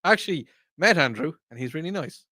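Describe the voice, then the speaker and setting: A man's voice: fairly high pitch, expressive, fast, pushed and bright, no room sound, studio quality. A man in his forties co-hosting a podcast, joking around and rambling while he gropes for names. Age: 40s. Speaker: podcast co-host. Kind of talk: casual pop-culture chat. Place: studio.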